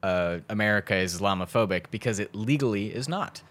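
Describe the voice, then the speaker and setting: A man's voice: lowish voice, a little fast, fairly bright tone. A young man in casual podcast chat, rambling and swearing freely as he talks through an idea.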